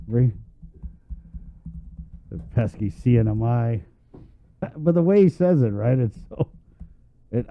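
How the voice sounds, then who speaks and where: Joking talk show host on a tinny line. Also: male voice, mid-range voice. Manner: joking, laughs often. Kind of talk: casual radio chat.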